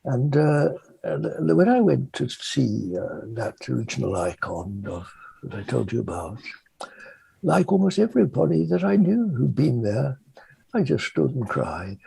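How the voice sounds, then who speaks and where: An older man from England answers questions as a mystic and author, in a halting, gentle way that often trails off softly. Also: mid-range voice, very animated, gravelly, breathy edge, no echo, low-quality recording. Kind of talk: reflective interview answer.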